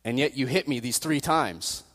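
A man's voice: lively intonation, normal speed, a bit bright, close to an everyday voice. A man voicing an indignant talking donkey that protests at being beaten. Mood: plaintive. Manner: squeaky, incredulous outburst. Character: male talking donkey, indignant and put-upon. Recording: long reverb in a hall.

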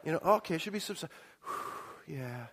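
A middle-aged man preaching a sermon, telling a personal story and acting out scenes with sudden shouts and asides. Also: on the high side, expressive, brisk, slight background noise. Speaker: pastor. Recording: long hall reverb.

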